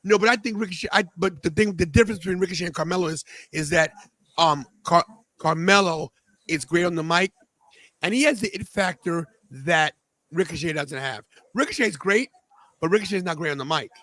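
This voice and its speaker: A young man with a notably high, bright voice hosts a casual live watch-along, bursting into excited reactions between bits of chatter. His voice sounds dry and close, with almost no room sound. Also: fairly quick, no room sound. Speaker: podcast host.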